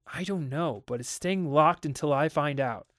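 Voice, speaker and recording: A man's voice: on the high side, moderate pace, a bit bright, dry recording, studio quality, close to an everyday voice. A man reading as a stern, uneasy father. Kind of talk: dramatic audiobook reading.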